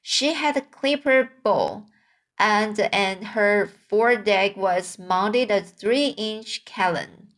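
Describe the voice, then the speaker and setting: A woman reads a children's novel aloud at a slow, careful pace. Her voice sits in a middle pitch, and now and then she stumbles and restarts a word. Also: fairly bright tone. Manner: slow, with small slips and restarts. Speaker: reader.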